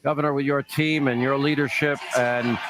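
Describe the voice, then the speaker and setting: A man's voice: mid-range voice, fairly even intonation, normal speed, noisy background. A man hosting a TV news interview, asking emphatic questions with long lead-ups. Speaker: TV news host.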